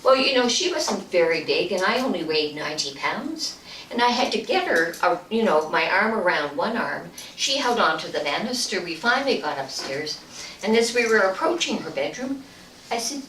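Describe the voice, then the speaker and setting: A woman giving a storytelling speech at a club meeting, acting out the voices and dropping to a hush for punchlines. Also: on the low side, normal speed. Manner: animated, acts out voices, hushed at punchlines. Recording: echoey room, distant mic, faint noise.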